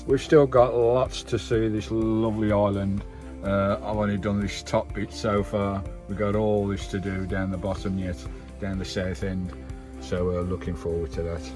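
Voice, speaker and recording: A man from the UK talks to his camera outdoors, breathless from climbing, his voice climbing high as he exclaims over and over. Background music plays under his words. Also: moderate pace, low-quality recording. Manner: exclamatory and enthusiastic, lots of "wow"; relaxed, rambling chat with fillers. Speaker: vanlife vlogger. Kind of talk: casual vlog commentary.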